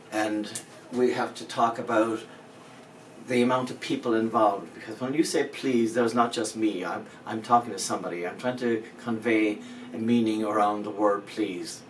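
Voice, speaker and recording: Speaking at a normal speed in a lowish voice with fairly even intonation, a man teaches pronunciation step by step, patiently and with light jokes. The lesson is recorded with a distant mic, roomy echo and faint background noise.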